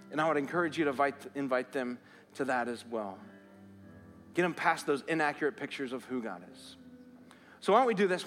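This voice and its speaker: In a church sanctuary, a male pastor preaches with a fairly bright, high-sitting voice. Through storytelling and repeated phrases, he rises to earnestly urge his congregation on.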